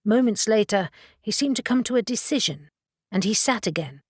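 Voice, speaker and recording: A woman narrating an audiobook in a steady, measured way. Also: mid-range voice, husky, dry recording, studio quality.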